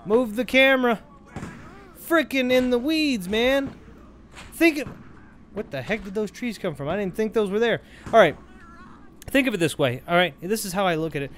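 A man with a notably high voice talks through a video game in a rambling, excitable way. He jokes, trails off and restarts his thoughts as he plays. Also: normal speed, long pauses, a little hiss or hum. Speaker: gameplay commentator. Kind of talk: casual let's-play commentary.

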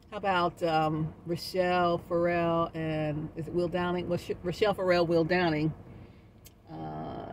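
A woman's voice: fairly low pitch, gravelly, slight background noise. A woman giving a casual, encouraging motivational talk to her viewers as a wellness vlogger. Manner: upbeat, encouraging, sings snippets and laughs.

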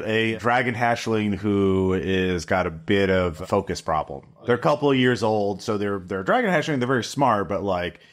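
A man with a fairly low voice runs a tabletop game in loose, casual talk. He thinks aloud, restarting his sentences as he sets up choices for the players. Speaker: game master.

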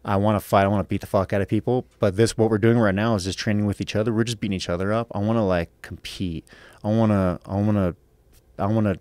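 A man's voice: on the low side, steady tone, fast talker, a little mellow, no room sound. A man in his thirties, an MMA fighter on a podcast, telling a story casually with lots of swearing and acted-out quotes.

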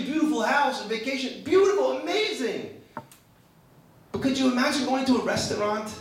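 A rabbi preaching to a women's group, emphatic and full of rhetorical questions and stories. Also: male voice, extremely high pitch. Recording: very echoey room, distant mic, faint noise.

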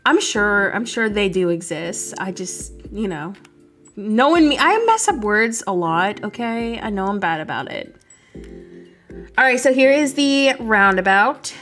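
A woman's voice: a little high, fairly bright tone. A young woman from the United States, chatting casually and laughing while streaming a video game. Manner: chatty, laughing, rambling with fillers.

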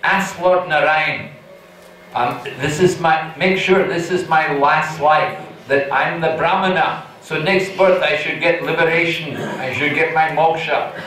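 A man voicing a proud, indignant high-born priest who blusters and scoffs. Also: steady tone, measured pace, pushed and bright. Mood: demanding. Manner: scornful, blustering, raises pitch in anger. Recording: echoey hall, distant mic.

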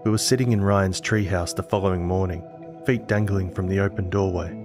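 A man giving a scripted narration of a horror story in a measured storytelling manner. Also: deep voice, fairly even intonation. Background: music.

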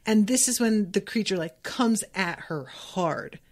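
A young woman hosting a casual book podcast, retelling the chapter in an excitable, swearing way and voicing the characters. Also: mid-range voice, unhurried. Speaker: podcast host.

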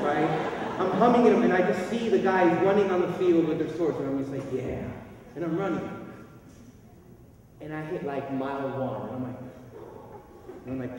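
Man preaching a sermon in a lively storytelling style, recorded from a distance in a big reverberant hall with faint room noise. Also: a little high, highs cut off. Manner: animated storyteller, swinging between hushed asides and loud bursts. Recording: echoey hall recording from far off.

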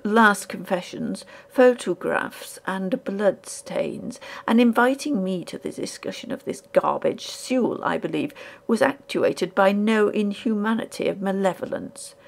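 Female narrator for a ghost-story audiobook, lively pitch, gravelly edge, hushed whispery delivery. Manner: measured, hushed dramatic reading with whispered asides.

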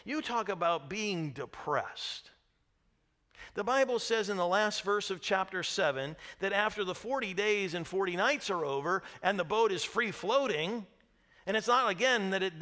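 A man pastor preaching a sermon, telling the story lively and asking the congregation questions. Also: high voice, moderate pace. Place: church sanctuary.

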